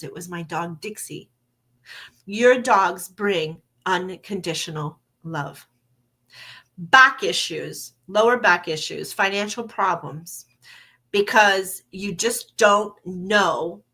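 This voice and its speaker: A woman's voice: fairly low pitch, takes it slowly, pushed and bright, husky. An older woman hosting her podcast in a candid, casual monologue, laughing now and then and swearing a little. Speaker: podcast host.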